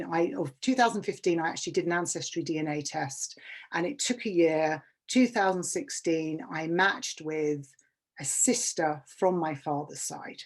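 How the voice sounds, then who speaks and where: A British woman from England, in her fifties, speaks in a lowish, darkish voice. At a workshop she gives a candid, emotional personal talk, repeating words for emphasis.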